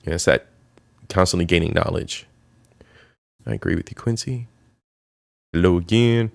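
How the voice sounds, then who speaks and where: Man, low voice, casual stream host who chats loosely with his audience, dry close recording. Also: moderate pace, creaky, no echo. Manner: chatty, greets viewers by name. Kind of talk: casual live-stream reaction chat.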